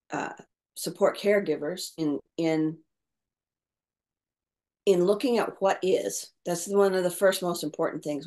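Middle-aged woman, slightly low pitch, thoughtful interview talk with frequent restarts. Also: darkish tone. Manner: reflective, with many restarts and repeated words. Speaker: caregiver coach.

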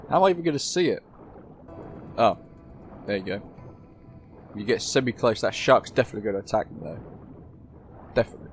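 A man giving casual, joking gameplay commentary, swearing freely as he plays. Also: fairly low pitch. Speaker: gameplay YouTuber.

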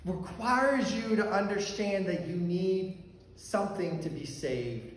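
A man's voice: high-pitched, slow. A male pastor telling a personal story in a sermon, conversational, with fillers and restarts. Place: church sanctuary. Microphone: handheld or stand mic that fell during talk. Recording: very echoey church hall, faint background noise.

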